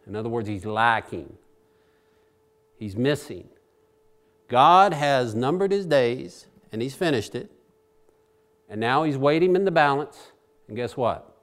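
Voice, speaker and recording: A man preaching a Bible sermon in a chatty, animated way, swinging between loud and quiet. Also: mid-range voice, unhurried, pauses often. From Virginia.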